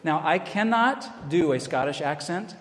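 An American man delivers a sermon in a relaxed, conversational way, dropping in self-deprecating asides. His voice sits a touch high for a man. The sound carries the long, echoey reverb of a large hall. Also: a little slow, slight background noise. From United States. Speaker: pastor.

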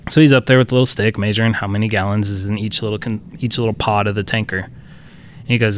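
A man's voice: fairly low pitch, fairly even intonation, fast, a little hiss or hum. A man co-hosting a podcast, telling a workplace story in a loose, profane, chuckling way. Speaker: podcast co-host. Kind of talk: casual storytelling chat.

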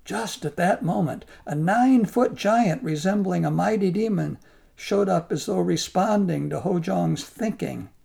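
A man calmly narrating a folk tale in a measured storybook style. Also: sits high, gravelly, husky.

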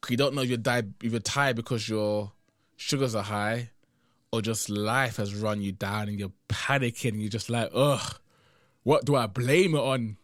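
A young man with a lowish voice talks through a solo podcast in a loose, rambling way. He keeps tacking "man" onto his sentences and sounds tired and drowsy. The sound is dry and close. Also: steady tone, moderate pace, a bit bright, dry recording. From United Kingdom. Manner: rambling and conversational, often tagging "man". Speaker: podcast host. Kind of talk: casual solo podcast monologue.

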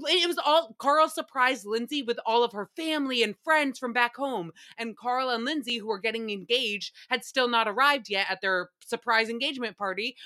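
A young woman hosting a casual recap show, talking in a profane, animated and sarcastic way. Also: high voice. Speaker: podcast host recapping reality TV.

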